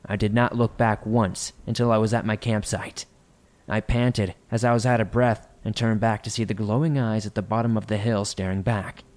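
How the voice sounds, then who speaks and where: A man reading listener-submitted horror stories aloud in a measured, somber narration. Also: fairly low pitch, steady tone, darkish tone.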